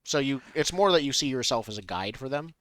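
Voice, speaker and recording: A man runs the tabletop table as game master, moving players along with short questions. His voice sits at a middling pitch. The sound is dry and close. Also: animated, a little fast, fairly bright tone, no echo. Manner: brief prompting questions. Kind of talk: running a tabletop game session.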